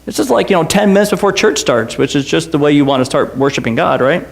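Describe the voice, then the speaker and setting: A pastor delivering a sermon in a notably high voice. He pushes his pitch up further on repeated, emphatic lines, then drops into brisk, chatty anecdotes. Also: vocal fry. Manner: impassioned preaching, voice climbing high on repeated lines; conversational storytelling with quick asides.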